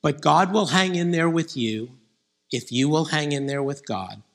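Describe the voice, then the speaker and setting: A man preaching a conversational sermon, growing animated when he quotes scripture figures. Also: fairly high pitch, measured pace.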